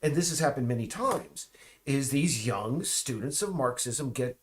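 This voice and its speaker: A man talks through a loose, rambling monologue in a voice of ordinary pitch. He stops and restarts often and trails off into asides. Dry, mocking remarks run through his talk. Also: lively intonation, a little slow.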